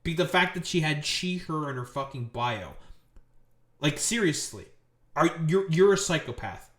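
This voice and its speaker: A man's voice: a little high, animated, normal speed, fairly bright tone, reverberant. A man giving angry, profane commentary on political news clips, ranting at the people he covers.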